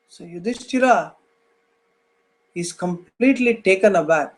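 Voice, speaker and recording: A spiritual teacher retells an old scripture story in an unusually high voice for a man. He speaks very slowly and draws out his phrases with long dramatic pauses.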